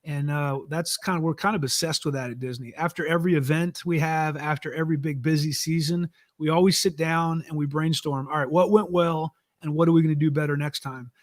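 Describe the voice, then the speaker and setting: A middle-aged man, an author and former executive, talking in a relaxed, conversational way with frequent fillers in an interview. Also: fairly high pitch, brisk, few pauses, no echo, studio quality. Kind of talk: casual interview talk.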